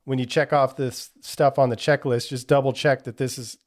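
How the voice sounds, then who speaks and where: A man's voice: medium pitch, flat delivery, normal speed. A man hosting a podcast in a casual solo talk, candid and reflective, swearing freely and thinking aloud with frequent restarts. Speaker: podcast host.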